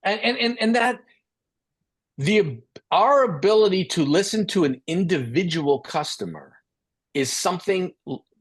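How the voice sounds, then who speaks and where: A man speaking as a guest at a startup event, telling a story in an animated way and often repeating words as he builds it. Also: high-pitched, a little slow, slightly rough. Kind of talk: conversational storytelling.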